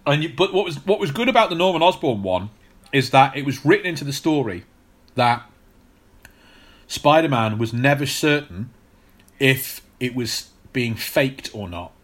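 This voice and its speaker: Podcast co-host, man, bright voice, halting explanatory delivery. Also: medium pitch, animated. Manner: explanatory, hesitant with many fillers and restarts. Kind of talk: casual chat.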